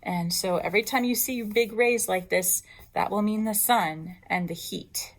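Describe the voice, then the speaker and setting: A woman librarian hosts a children's storytime, speaking slowly and deliberately in a mid-range voice. She talks in an expressive, teacherly way, as if showing pictures to a group of small kids. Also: mid-range voice.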